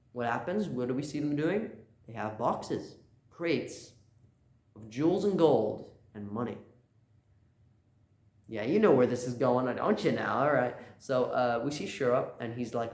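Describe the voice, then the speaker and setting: A man of middling pitch talks through a story recap in a loose, rambling way, dropping "uh" and "like" often and jumping into quoted lines. The recording is roomy, with a noticeable echo around his voice. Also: a little mellow. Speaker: YouTuber recapping a manga chapter. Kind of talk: casual spoken recap.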